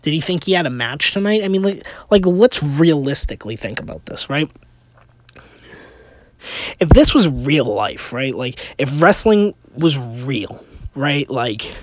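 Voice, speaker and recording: A man's voice: fairly high pitch, expressive, slow pace, long pauses, no room sound. A man hosting a casual opinion podcast, rambling with restarts and rhetorical questions, sounding exasperated. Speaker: podcast host.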